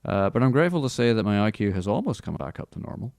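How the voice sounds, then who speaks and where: A man's voice: on the low side, sing-song, fast talker, a little mellow, dry recording. A man hosting a movie podcast, reading news with dry, mocking asides. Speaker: podcast host. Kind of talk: casual comedic movie news chat.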